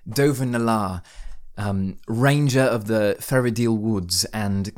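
A man voicing a pompous old male ranger in an over-the-top put-on British accent, speaking grandly and slowly. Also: lowish voice. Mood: grandiose.

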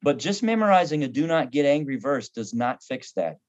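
A man's voice: a little high, fairly quick. Man in his fifties, pastor and counselor, humorous storyteller, slightly dull lo-fi sound. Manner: humorous, animated, acts out quoted voices. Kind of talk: conversational storytelling on a podcast. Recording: dull lo-fi audio.

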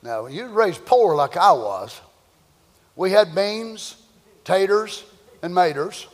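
A man's voice: sits high, expressive, takes it slowly. Older man preaching in an echoey hall. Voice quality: swings between loud shouting and quiet storytelling. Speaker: pastor. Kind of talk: sermon.

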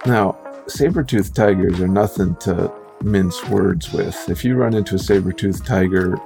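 Male podcast host, playful interviewer, warm low register. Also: normal speed, vocal fry, faint music behind. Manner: joking, playful banter. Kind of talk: casual podcast chat.

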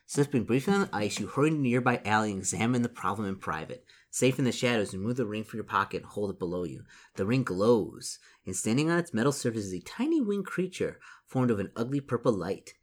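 A man reading a solo gamebook aloud, stumbling over words and breaking off into animated asides. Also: fairly low pitch, fast, few pauses. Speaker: reader playing a solo gamebook.

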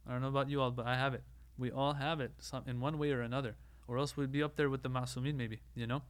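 A man giving a religious lecture, explaining step by step, asking questions and answering them himself, and reciting Arabic quotations quickly. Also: medium pitch, flat delivery, clean tone. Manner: explanatory, asks and answers his own questions.

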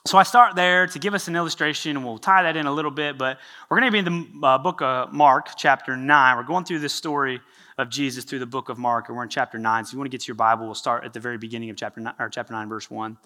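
A male pastor giving a sermon, telling a story in an animated, conversational way. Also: medium pitch, quick pace.

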